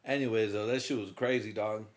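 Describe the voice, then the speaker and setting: A man's voice: fairly low pitch, fairly even intonation, brisk. A man hosting a comedy podcast, telling a story casually in a profane, rambling way with lots of fillers. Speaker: podcast host.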